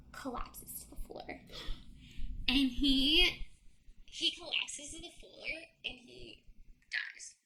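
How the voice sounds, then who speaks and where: A woman's voice: high-pitched, rough recording. A young woman casually recapping a book on a podcast, animatedly acting out the characters' lines. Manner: animated storytelling, acts out quotes. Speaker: podcast co-host.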